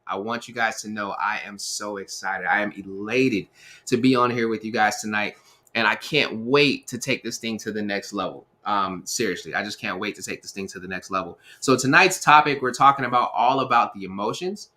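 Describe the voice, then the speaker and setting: A man hosting a casual live stream, energetic and upbeat, talking with repeated phrases and lots of fillers. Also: fairly low pitch, normal speed. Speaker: livestream host.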